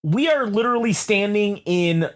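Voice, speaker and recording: A man co-hosting a podcast tells a rambling, profane story, swearing constantly and restarting sentences. His voice sits high and swings wildly in pitch. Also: lively intonation, normal speed. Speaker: podcast co-host. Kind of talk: profane, rambling casual chat.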